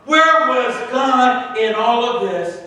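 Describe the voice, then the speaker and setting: Man preaching, high bright voice, slow delivery, echoey church from afar. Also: expressive, far from the mic. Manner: dramatic storytelling, acting out scenes. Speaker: pastor. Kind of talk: sermon. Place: church sanctuary.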